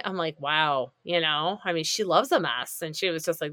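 Woman, bright and lively, rambling casual co-host, dry close sound. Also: lowish voice, a little fast, few pauses, dry recording. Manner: chatty, lots of fillers and restarts. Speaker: podcast co-host. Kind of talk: casual chat recapping a reality show.

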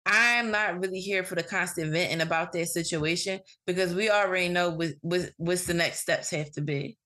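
A woman's voice: fairly low pitch, normal speed, sharp tone. Blunt, swearing woman podcast host. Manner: blunt, frank, swears freely. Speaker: podcast host giving advice. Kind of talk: casual advice monologue.

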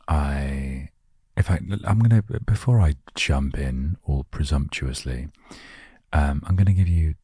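A man hosting a calm show from inside his van, talking softly into a close microphone in a gentle, meandering, self-mocking way. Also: rumbling low, breathy edge, no echo. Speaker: host of a relaxation word show. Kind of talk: soft, rambling relaxation talk. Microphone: studio microphone, close.

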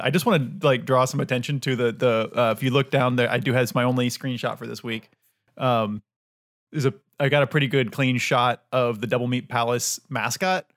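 Animated, laughing man telling stories. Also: medium pitch. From Dayton, Ohio, USA. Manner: animated storyteller, laughs often. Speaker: podcast co-host. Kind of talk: casual chat.

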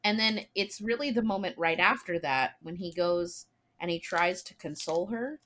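A woman on a podcast breaking down a movie character's motives with blunt, swearing emphasis. Her voice sits lower than most women's, and she speaks in a steady, explanatory way. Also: moderate pace, a little hiss or hum. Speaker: podcast co-host. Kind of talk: casual chat discussing a film.

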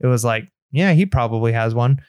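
A man chats casually on a podcast, telling a story with energy and slipping into the voices of the people in it. His voice sits at a middle pitch. The sound is dry and close, with no room echo. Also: a little fast, clear, resonant tone. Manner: animated anecdote telling, acts out quoted dialogue. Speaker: podcast co-host.

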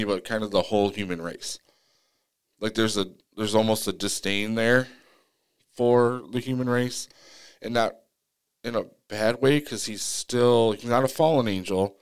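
A man's voice: unhurried, smooth. A man on a podcast telling a personal story in casual, earnest talk, acting out his own side of the exchange. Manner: animated retelling, acting out his own pleas in a higher voice; earnest, many restarts and fillers. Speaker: podcast co-host.

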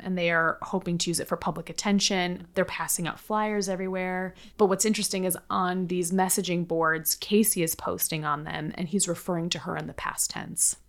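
A podcast co-host with a fairly low voice walks her co-host through a true-crime case. She keeps it casual and chatty, scattering filler words and blunt swearing throughout.

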